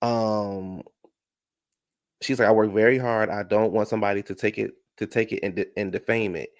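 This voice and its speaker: Sassy gravelly man dishing reality TV gossip. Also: on the low side, fairly even intonation, moderate pace, no echo, studio quality. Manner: sassy, gossipy, talks back at the show. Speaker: reality TV recap host. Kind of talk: casual recap commentary.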